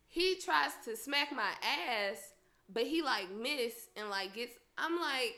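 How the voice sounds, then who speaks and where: Young female podcast host, casual and profane, lively pitch, animated delivery. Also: slow pace. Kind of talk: casual storytelling chat.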